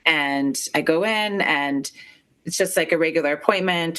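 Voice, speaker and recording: A woman telling a painful personal story as an interview guest, halting and emotional, with many filler words. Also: low voice, a bit bright.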